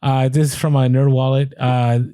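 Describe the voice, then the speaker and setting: A man's voice: medium pitch, flat delivery, moderate pace, dark tone, clear, resonant tone, no echo. A man co-hosting a podcast in casual chat, reading out statistics and breaking off for offhand asides. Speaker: podcast co-host.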